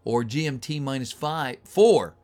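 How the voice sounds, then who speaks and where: A man's voice: medium pitch, expressive, measured pace, a little mellow. A man chatting casually with his livestream viewers, reading their messages aloud and greeting them, his voice a little tired. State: voice getting tired. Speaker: voice actor reading a script on a livestream.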